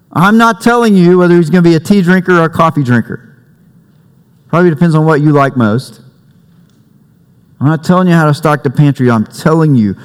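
A man preaching a sermon as pastor, conversational and warm-humored, with family stories. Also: on the high side. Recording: long reverb in a church hall.

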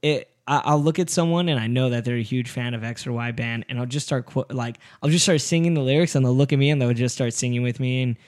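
Animated, swearing young man telling stories. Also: medium pitch, quick pace, hardly any pauses. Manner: animated storyteller, swears a lot, acts out quotes. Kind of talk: casual chat.

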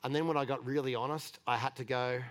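A man's voice: mid-range voice, fairly even intonation, quick pace, fairly bright tone. Candid, chatty male preacher telling stories. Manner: chatty and candid, with frequent restarts and light laughter. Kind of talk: conversational sermon storytelling.

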